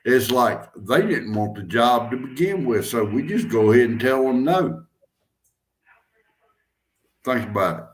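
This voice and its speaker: A man's voice: mid-range voice, expressive, roomy sound. A man with a Southern accent who hosts a casual chat and talks bluntly, often laughing. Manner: slow drawl, laughing, blunt.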